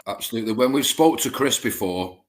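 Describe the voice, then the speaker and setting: A man's voice: medium pitch, animated, a little fast. A man co-hosting a casual interview, chatty and encouraging. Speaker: podcast co-host.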